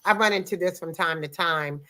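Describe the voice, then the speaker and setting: A woman's voice: lowish voice, fairly quick, bright, forceful tone. A woman hosting a marriage talk, who also coaches couples, affirming her guests with frequent interjections. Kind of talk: hosted conversation.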